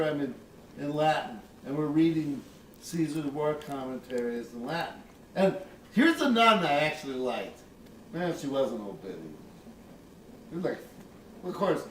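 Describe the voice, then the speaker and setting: A man's voice: medium pitch, recorded from a distance, slight background noise. An older man casually telling a personal story, rambling and profane, with chuckles. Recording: roomy, off-mic, faint ambience.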